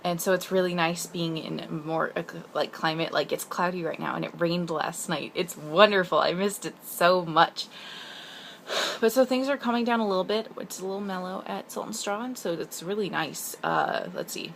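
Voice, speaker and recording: A woman's voice: lowish voice, gravelly, a bit bright, slight background noise. Chatty young woman rambling on camera. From Pacific Northwest. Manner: chatty, rambling, self-deprecating, quick asides. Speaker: vlogger. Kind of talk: casual rambling video letter.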